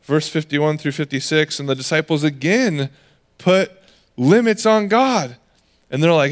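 A man preaching a conversational sermon as pastor, animated and lively, slipping into the voices of the people he quotes. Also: on the high side, moderate pace.

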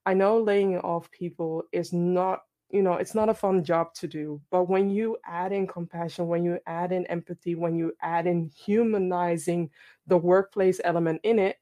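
A woman hosting an online panel, speaking with energetic asides and frequent repeated phrases as she introduces her guests. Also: on the low side, normal speed. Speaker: host.

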